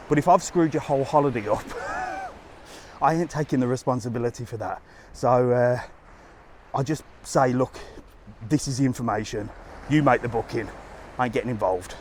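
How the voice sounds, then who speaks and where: A man chats bluntly and casually into a handheld phone during a live travel stream. He is outdoors on a seafront walk, and a faint hiss runs under his voice. His pitch sits in a middle range for a man. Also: wildly swooping pitch, moderate pace. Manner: chatty, blunt, slangy. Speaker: travel vlogger livestreaming.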